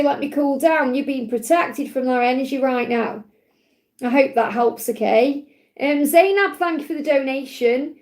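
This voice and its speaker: A high-pitched woman doing a live card reading for viewers. She sounds reassuring and keeps checking in with a quick "okay?" as she speaks for someone's feelings. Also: a little mellow. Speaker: psychic card reader. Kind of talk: live-stream tarot reading.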